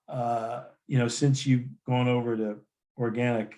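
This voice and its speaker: A man's voice: medium pitch, steady tone, moderate pace, dark tone. Guy rambling thru a story, keeps restarting, acts out what people said. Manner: rambling, many restarts and quoted dialogue. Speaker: coffee company founder as guest. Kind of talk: conversational storytelling.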